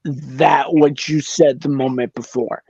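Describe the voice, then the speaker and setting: A man on an online panel speaking slowly and haltingly. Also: mid-range voice, steady tone, vocal fry, darkish tone, breathy edge, highs cut off. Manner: slow, halting. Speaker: panel guest. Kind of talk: casual panel chat.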